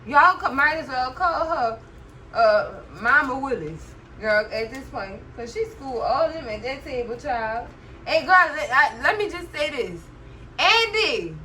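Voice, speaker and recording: A woman hosting a casual TV recap, chatty and animated, often laughing and calling the viewer "girl". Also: high-pitched, slight background noise, low-quality recording. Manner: laughs often while talking. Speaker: TV recap host.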